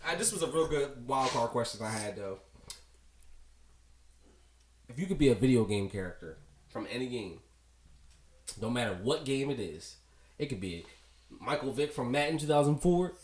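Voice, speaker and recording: A man with a Baltimore accent hosting a casual podcast chat, animated and laughing as he tells stories. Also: medium pitch, a little fast, echoey room, a little hiss or hum. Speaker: podcast host.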